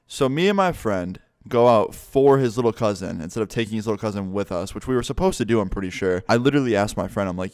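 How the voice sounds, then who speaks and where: Brief: young male vlogger, low smooth voice, casual storytime with lots of swearing. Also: expressive, fast talker, few pauses, a little mellow. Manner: casual, swearing, rambling with "like" fillers. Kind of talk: storytime vlog.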